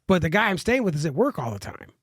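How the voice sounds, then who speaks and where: A man's voice: high voice, big pitch swings, fast talker, a bit bright, breathy edge, dry recording, studio quality. A man telling a long rambling story on a podcast, full of restarts and casual swearing. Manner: rambling, many restarts and fillers, swears freely. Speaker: guest comedian.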